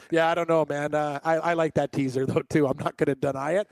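Man, jokey, animated, gravelly voice, dry studio mic, betting banter. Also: on the high side, quick pace, no echo. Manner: jokey, laughs often, animated. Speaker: sports betting radio co-host. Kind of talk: casual sports betting chat.

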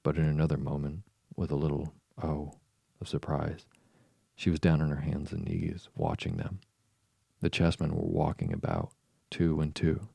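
A man narrating a storybook audiobook in a steady, measured reading. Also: extremely low pitch, vocal fry, husky, no room sound.

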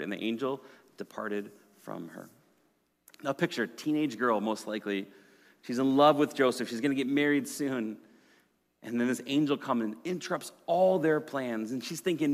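A male pastor preaching a sermon in a conversational, storytelling way, swinging from loud to hushed. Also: medium pitch, lively intonation, normal speed. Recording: long hall reverb.

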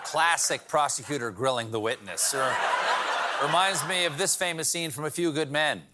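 A middle-aged man hosting a late-night talk show, joking and telling stories with animated delivery. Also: a little high, moderate pace, very noisy. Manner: jokey, animated storyteller. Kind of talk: late-night monologue and interview.

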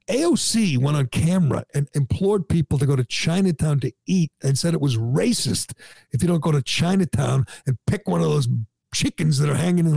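A man's voice: on the high side, vocal fry, dark tone, breathy edge, dry recording. A man hosting a talk show, ranting in an indignant, sarcastic way. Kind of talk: opinionated talk radio chat.

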